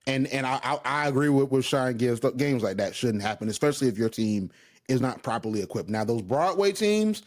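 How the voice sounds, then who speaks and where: A man's voice: medium pitch, animated, a little fast. A man co-hosting a sports podcast, talking casually and emphatically with frequent restarts and asides. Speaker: podcast co-host.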